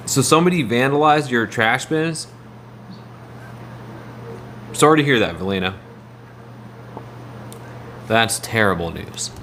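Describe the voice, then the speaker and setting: A man's voice: mid-range voice, animated, slow pace, long pauses, bright, forceful tone, slight background noise. A man livestreaming, chatting casually in a rambling way and answering his viewers' messages.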